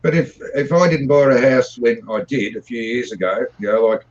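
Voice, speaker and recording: A man's voice: mid-range voice, normal speed, muffled recording. A man calling in for a casual chat, plain-spoken and leaning on "you know.". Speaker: caller.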